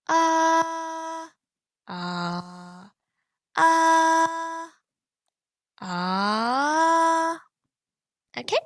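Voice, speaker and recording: A woman's voice: high-pitched, no room sound. A woman teaching a pronunciation lesson, patiently demonstrating tones with sung syllables and checking in with frequent "okay"s. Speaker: language teacher.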